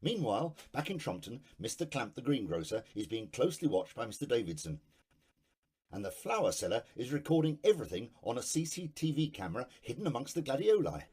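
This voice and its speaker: A man's voice: medium pitch, sing-song, fairly quick, a little mellow, soft background music. A man giving wry, satirical storybook narration.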